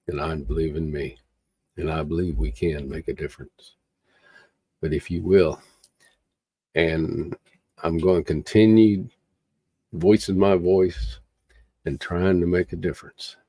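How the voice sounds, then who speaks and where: A man with a very deep, dark and mellow voice delivers an earnest, preachy monologue straight to his livestream viewers. He piles up repeated phrases for emphasis. The sound is dry and close, with no room around it. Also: breathy edge, no echo. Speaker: livestream host. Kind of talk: impassioned motivational monologue.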